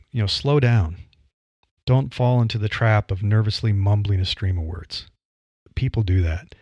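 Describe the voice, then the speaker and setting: A man hosting a solo podcast, coaching listeners in a casual conversational way with changing pace and pauses. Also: medium pitch, darkish tone, no echo, lo-fi sound. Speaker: podcast host. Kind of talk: solo podcast advice monologue.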